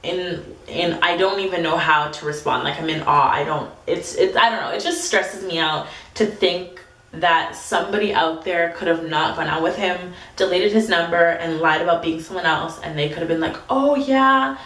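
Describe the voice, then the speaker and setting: A woman in her twenties telling a storytime vlog, chatty and full of "like", reading texts aloud in quick bursts. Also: fairly low pitch, fairly even intonation, a bit bright, reverberant. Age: 20s. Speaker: vlogger.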